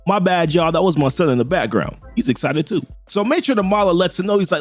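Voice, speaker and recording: A man casually recapping a comic issue, slangy and animated, laughing often. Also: high-pitched, fast talker, few pauses, soft background music. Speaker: comic book reviewer.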